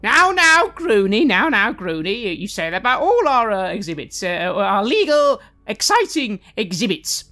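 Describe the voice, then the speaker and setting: A man's voice: very animated, moderate pace, few pauses, bright, forceful tone, exaggerated voice. A man voicing a flustered middle-aged showman in a top hat, stammering and fussy, with music behind. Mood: flustered fussing. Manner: stammering, fussy, high-pitched.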